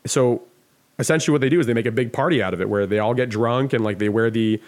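A man's voice: mid-range voice, fast. A man guesting on a podcast, telling a long casual story full of "like" fillers and the odd swear word.

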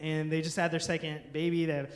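A man in his thirties gives a sermon from a church stage, telling an animated, funny story and slipping into his friends' voices. His voice sits high for a man. The sound is roomy, with the echo of a large hall. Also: fast talker. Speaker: pastor. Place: church stage before a congregation.

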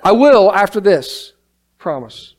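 High-voiced preacher man, emphatic. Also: sing-song, takes it slowly. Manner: emphatic, rising to exclamations. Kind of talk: sermon. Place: church sanctuary.

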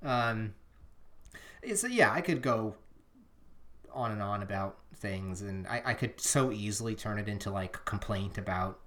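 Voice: sits low, lively intonation, a little slow, fairly bright tone. A podcast co-host in casual chat, rambling and earnest, often restarting sentences and sometimes drifting off the microphone. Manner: rambling, self-interrupting, earnest. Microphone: drifting off the microphone at times.

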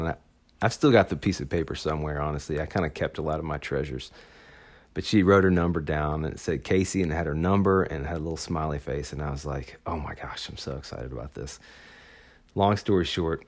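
A man telling a personal story in a casual, chatty way, full of enthusiasm and words like "awesome.". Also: sits low.

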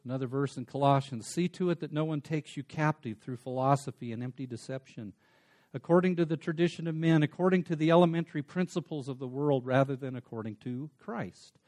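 A man preaching a sermon, dropping to soft asides and then rising to emphatic, stretched-out words. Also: mid-range voice. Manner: swings between soft asides and emphatic raised passages; slows down to stress single words. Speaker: pastor.

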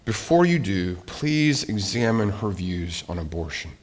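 A man's voice: fairly low pitch, sing-song, measured pace. A man preaching as pastor from the pulpit and leading a spoken prayer, earnest and pleading, often restarting and repeating phrases.

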